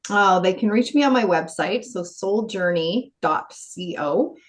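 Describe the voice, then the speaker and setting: A woman guesting on a podcast as a confidence coach, talking in an earnest, animated way and laughing often. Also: mid-range voice, unhurried. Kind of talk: conversational interview.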